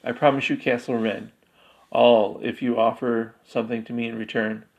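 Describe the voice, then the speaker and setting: A man voicing a bald, aristocratic wizard who makes persuasive, measured offers in a dark fantasy tale. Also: medium pitch, little pitch movement, muffled recording, lightly acted. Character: aristocratic bald wizard, smooth-talking schemer.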